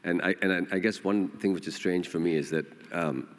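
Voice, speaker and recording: Panel guest, man, 40s, from Pakistan; very low voice, halting and reflective, hall reverb. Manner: thoughtful, halting, many fillers. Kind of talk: live panel conversation.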